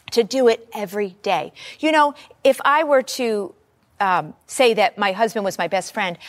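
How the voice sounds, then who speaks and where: A woman preaching a sermon, reading scripture and talking it through in a conversational, animated teaching manner. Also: mid-range voice.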